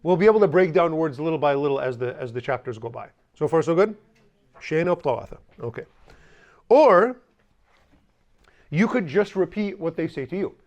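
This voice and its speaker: Male language teacher, slightly higher voice, joking and hands-on with the class. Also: lively intonation, moderate pace, pauses often, darkish tone, lo-fi sound. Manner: joking asides, drills the class with repeat-after-me.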